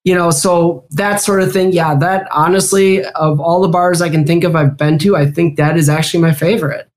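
A woman with a Midwestern American accent, chatting casually as an interview guest, quick and rambling with fillers. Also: lowish voice, fairly even intonation, a little mellow. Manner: chatty, talks in bursts with fillers. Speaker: guest, security executive.

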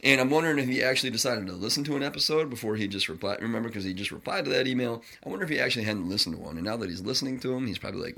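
A man's voice: mid-range voice, expressive, racing, creaky, hardly any pauses, bright, forceful tone. A man hosting a podcast, talking in a blunt, profane, rambling monologue. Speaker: podcast host. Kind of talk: casual ranting monologue.

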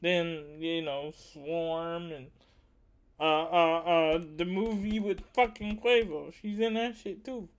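A man's voice: on the high side, steady tone, slow, smooth. A young man doing stand-up comedy, telling rambling, profane stories and repeating his punchlines.

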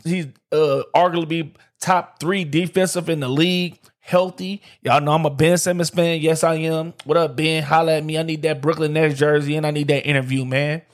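A man from Detroit, USA hosts a casual solo sports podcast, streamed live on camera, in a fairly high, steady voice at a moderate pace with hardly any pauses. He talks loosely and with slang, repeatedly using "like I said" and "man."

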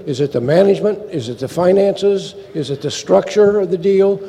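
A man moderating a panel discussion who asks brisk, structured questions. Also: high voice, gravelly, dark tone. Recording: long hall reverb.

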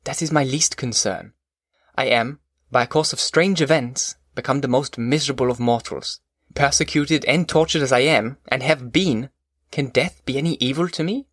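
A man voicing a kindly but stern middle-aged magistrate in an audiobook, formal and measured. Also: medium pitch, a bit bright, slightly rough, dry recording, studio quality. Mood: consoling. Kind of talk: audiobook character voice.

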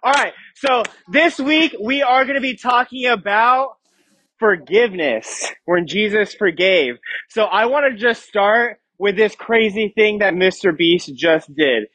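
Chatty high-voiced youth pastor. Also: male voice, lively intonation, measured pace, a bit bright, no room sound. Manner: joking, chatty, asks the crowd questions. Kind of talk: casual youth sermon. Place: church youth room.

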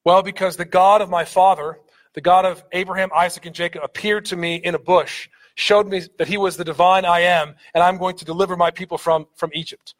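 A man with a high, light voice preaches a sermon. He talks earnestly, stumbling over repeated words and lifting his voice when he drives a point home. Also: level tone, a little fast. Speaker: pastor.

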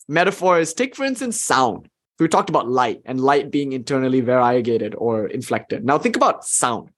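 A man giving a live online lecture as a spiritual teacher, speaking in an enthusiastic, conversational way with frequent "you know" fillers. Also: on the high side. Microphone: video call.

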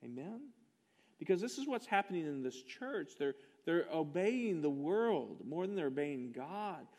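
A man delivers a sermon in a high, light voice. He preaches with emphatic fervor, stressing each point. He pushes rhetorical questions at the congregation. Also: very animated, measured pace, a little mellow. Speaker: pastor.

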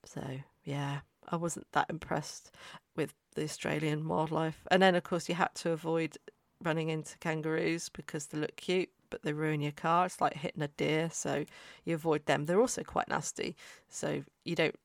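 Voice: medium pitch, level tone, moderate pace, vocal fry, dry recording, studio quality. A podcaster telling personal stories in a chatty, self-mocking way, often trailing off and restarting. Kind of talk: casual anecdotal storytelling.

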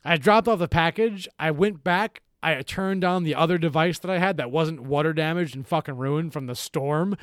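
A young man in casual chat, telling animated, rambling stories full of swearing. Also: on the high side, normal speed, hardly any pauses, clean tone, dry recording, studio quality.

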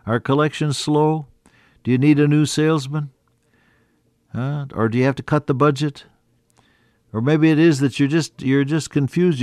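A man preaching an earnest sermon, quoting scripture in old-fashioned wording and rising, then dropping to a hushed voice. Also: on the high side, normal speed, clear, resonant tone, no echo, studio quality. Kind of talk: radio sermon.

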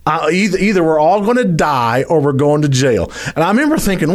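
A man with a Louisiana accent spins a dramatic tale in a folksy, chatty way. His voice is somewhat high for a man and swings widely in pitch as he builds the story. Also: big pitch swings, a little fast. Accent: Louisiana Southern US. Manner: folksy, dramatic, addresses listeners as y'all. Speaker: storyteller guest. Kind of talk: animated storytelling.

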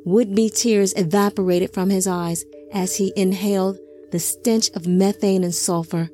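A woman narrating an audiobook in a steady, measured storytelling voice. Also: mid-range voice, soft background music. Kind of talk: scripted narration.

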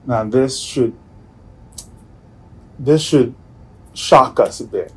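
A man preaching a sermon as pastor, earnest and searching, often repeating himself and letting sentences fall away quietly. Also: medium pitch, extremely slow, breathy edge, poor audio. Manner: earnest, with many restarts and soft trailing endings.

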